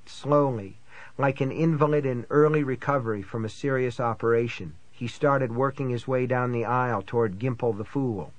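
A man narrating a first-person thriller audiobook in a tense, measured storytelling manner. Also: mid-range voice, no room sound.

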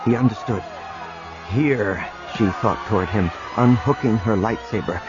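A man narrating an audiobook in a dramatic, expressive reading. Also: fairly low pitch, brisk. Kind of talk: scripted narration. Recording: dull lo-fi recording with music.

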